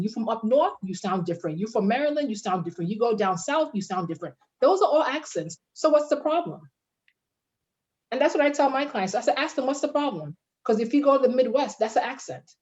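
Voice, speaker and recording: A woman career advisor on a panel discussion, talking in an animated way and acting out bits of dialogue. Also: on the high side, quick pace, highs cut off. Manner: animated, acts out quoted dialogue.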